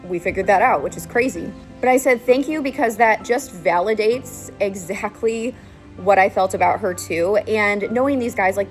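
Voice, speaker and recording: Woman vlogger, casual and emphatic storyteller, middle pitch, faint music bed. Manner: chatty, emphatic, lots of "like" and "okay?". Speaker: horse channel host.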